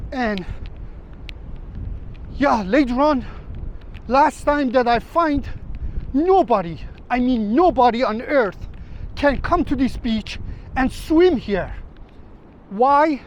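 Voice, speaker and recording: High-voiced man, mock-dramatic beach vlog. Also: rough recording. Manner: mock-dramatic, deadpan sarcastic. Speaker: travel vlogger. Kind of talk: sarcastic parody vlog, walking on camera. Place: outdoors on a beach. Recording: faint wind and traffic noise outdoors.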